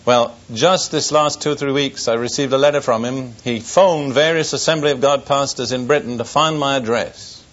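An older male pastor preaches to a gathered congregation, weaving a personal wartime story with dry wit before turning to solemn warnings. His voice sits at a middle pitch. The recording is dull and lo-fi. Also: moderate pace, few pauses, fairly bright tone. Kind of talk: sermon testimony. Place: church service before an audience.

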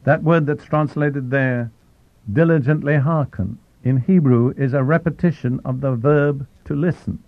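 A man giving a sermon as a Bible teacher, deliberate and slowing down to stress key phrases. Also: mid-range voice, no echo. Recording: tinny phone-like, dry.

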